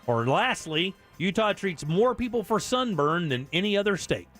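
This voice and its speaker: Upbeat high-voiced male radio host. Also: big pitch swings, normal speed, a bit bright, soft background music. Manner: jokey, upbeat quiz-giving patter. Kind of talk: casual radio chat with callers.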